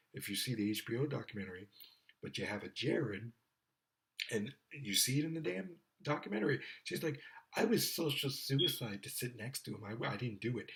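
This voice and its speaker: A man rants in a blunt, swearing monologue and mocks others freely. His pitch sits in an ordinary middle range. He talks like someone airing strong opinions to a camera. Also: rough recording. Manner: blunt, profane, mocking, mimics women in high voices. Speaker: commentator. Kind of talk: opinionated rant.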